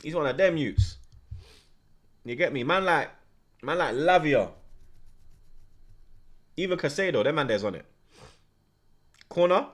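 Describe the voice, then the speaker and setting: A young man giving loud, animated live reaction commentary while watching a football match, full of slang and rants. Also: a little high, a little slow, pauses often. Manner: animated, ranting, London slang.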